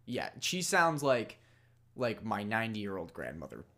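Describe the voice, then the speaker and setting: Lively, laughing male podcast co-host. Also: lowish voice, measured pace. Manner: animated, laughs often. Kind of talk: casual chat.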